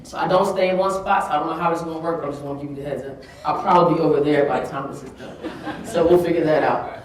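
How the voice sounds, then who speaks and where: Racing along in a low-pitched voice, this woman delivers a heartfelt keynote at a summit, punctuated by laughter. She was captured from a distance in a big, echoing conference hall.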